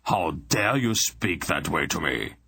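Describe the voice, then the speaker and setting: Man as a pompous high priest, deep husky voice, indignant bluster, audiobook. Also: animated, slow pace, bright, forceful tone, no echo, exaggerated voice.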